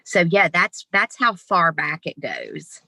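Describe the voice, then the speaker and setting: A woman in her fifties, an animated guest telling stories with laughs in an interview over a video call. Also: fairly low pitch, takes it slowly, no echo. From Southern United States. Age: 50s. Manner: animated, laughing, lively storyteller. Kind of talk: storytelling interview.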